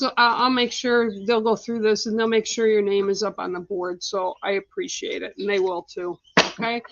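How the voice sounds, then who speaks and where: A woman's voice: fairly high pitch, lo-fi sound, very noisy. A middle-aged woman hosting a livestream, giving psychic card readings in a blunt, chatty way and laughing often. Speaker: psychic card reader, show host.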